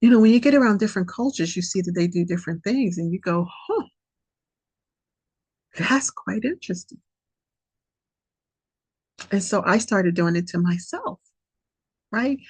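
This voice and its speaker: A woman's voice: medium pitch, dry recording, low-quality recording. A woman hosting a podcast, sharing a reflective spiritual monologue in an earnest way that repeats and dwells on key phrases. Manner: slow, gravelly, breathy voice. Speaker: podcast host.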